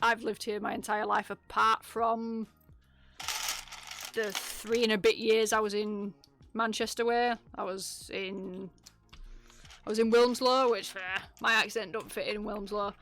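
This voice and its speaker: A woman's voice: medium pitch, little pitch movement, a little slow, a bit bright. Yorkshire woman chatting on a stream. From Bradford, England. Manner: chatty, self-deprecating, laughs easily. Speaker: livestream co-host building a keyboard. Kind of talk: casual livestream chat.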